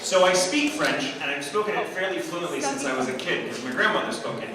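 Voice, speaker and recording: A man's voice: a little high, expressive, fast talker. A man guesting on a convention panel, telling self-mocking stories to an audience with frequent laughter. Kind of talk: animated storytelling to an audience. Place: large convention hall. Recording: echoey hall, distant mic, loud crowd. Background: audience laughter and noise.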